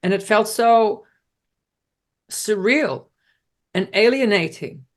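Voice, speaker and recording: A woman interviewer in a casual chat, asking long, rambling questions in a quick, chatty way. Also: medium pitch, animated.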